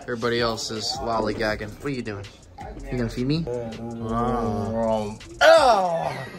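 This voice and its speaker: Loud music plays under this mid-range male voice, which moves a little slowly. He's a reptile keeper and tattoo artist giving casual vlog narration, energetically talking about feeding his reptiles and tattooing while chatting to them.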